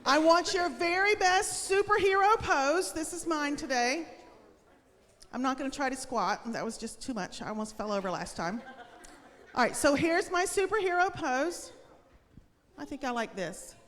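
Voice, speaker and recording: A woman's voice: high voice, sing-song, normal speed, long pauses, big-room sound. A woman teacher giving a cheerful, encouraging devotional lesson and prayer to schoolchildren. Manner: upbeat, encouraging, talks to children.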